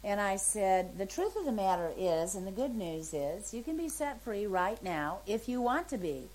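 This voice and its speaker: A woman's voice: medium pitch, big pitch swings, normal speed, a little mellow, slight background noise, poor audio. A woman in her seventies tells a long testimony as a minister would. She speaks with feeling and animation, slipping into the voices of the people she quotes. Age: 70s. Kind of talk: testimony storytelling.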